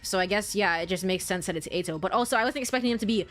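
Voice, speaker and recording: A woman's voice: medium pitch, rapid-fire. A young adult woman streaming a game, chatting casually, swearing and reacting to the story. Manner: animated, swears and laughs often. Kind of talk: casual let's-play commentary. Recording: faint game music behind.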